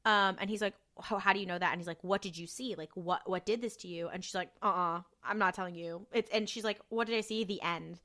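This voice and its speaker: Podcast lady with a bright sharp voice, casual and profane, acting out lines as she recaps. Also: fairly low pitch, steady tone, brisk, hardly any pauses. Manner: profane, joking retelling with quoted voices. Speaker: podcast co-host.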